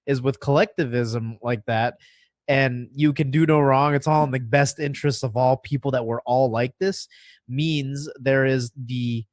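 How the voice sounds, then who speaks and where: A man's voice: mid-range voice, no room sound. A man co-hosting a podcast, making an argumentative case and explaining his points directly to the listeners. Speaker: podcast co-host. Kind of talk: conversational podcast commentary.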